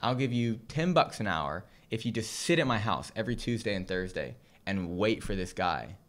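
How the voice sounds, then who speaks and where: A man's voice: lowish voice, very animated, normal speed, a bit bright. Young male podcast co-host, storyteller who laughs and acts out his characters, from Southern California. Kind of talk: casual storytelling.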